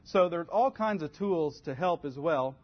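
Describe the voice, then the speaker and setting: A man's voice: on the high side, animated, measured pace. A man teaching a Bible study class in an earnest, conversational way, giving step-by-step advice. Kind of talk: practical church class teaching. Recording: dull lo-fi recording.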